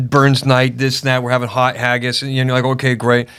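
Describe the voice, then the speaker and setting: A man's voice: medium pitch, monotone, moderate pace, a bit bright, clear, resonant tone. A man from the United States telling rambling stories in a casual pub chat, full of fillers. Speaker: podcast guest.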